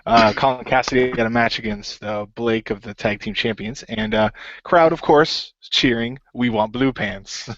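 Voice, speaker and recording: A man hosts a laid-back podcast, laughing readily and handing the mic around. His voice sits at a middle pitch. The recording is dry and muffled. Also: moderate pace, fairly bright tone, dry recording. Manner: laughing, hands off turns. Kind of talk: casual chat.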